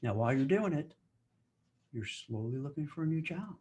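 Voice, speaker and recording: A man giving casual career advice in a lively way. He acts out office chatter in mock voices. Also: on the high side, moderate pace, slight background noise. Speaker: career commentator.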